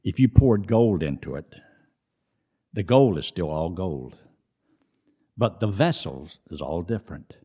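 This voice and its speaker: A middle-aged man preaching a sermon in a conversational way, rising high on emphasis and dropping low between. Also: animated, unhurried, long pauses, warm tone, slightly rough.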